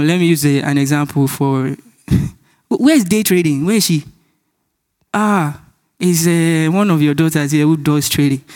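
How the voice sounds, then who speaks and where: A man with a Nigerian accent preaching a sermon, telling stories, acting out dialogue and laughing often. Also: fairly high pitch. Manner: animated storytelling, acts out dialogue, laughs often.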